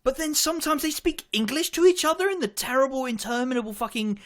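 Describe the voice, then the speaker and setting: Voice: sits high, fast talker. A podcast co-host making sardonic, sweary jokes in casual chat.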